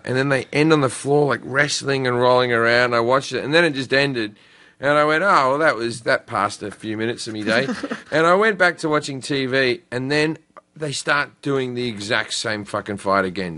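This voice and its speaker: A man hosting a talk show, spinning rambling stories full of swearing. His voice is bright and forceful at an ordinary pitch. He talks loosely, with plenty of restarts. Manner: loose, profane, animated storytelling. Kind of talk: casual storytelling chat.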